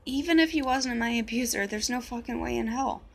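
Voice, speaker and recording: A woman's voice: on the high side, brisk. A woman telling a personal story in a casual vlog, blunt and swearing freely as she quotes others. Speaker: vlogger.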